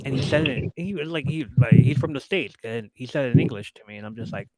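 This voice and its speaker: A man's voice: mid-range voice, fast talker, over a noisy crowd. A man co-hosting a podcast, telling a family story in casual chat and acting out his relatives. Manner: animated storytelling, acts out relatives. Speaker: podcast co-host.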